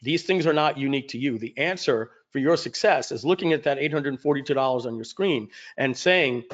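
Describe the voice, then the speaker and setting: Animated male storyteller, lo-fi sound. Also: medium pitch, a little fast. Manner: animated storyteller who acts out dialogue. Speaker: event speaker and host. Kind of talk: personal storytelling pitch. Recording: dull lo-fi audio.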